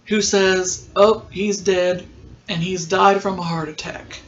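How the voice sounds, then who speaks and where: A podcast host giving a casual, chatty recap of a TV episode, wandering into asides and filling pauses with ums. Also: medium pitch, highs cut off, slight background noise.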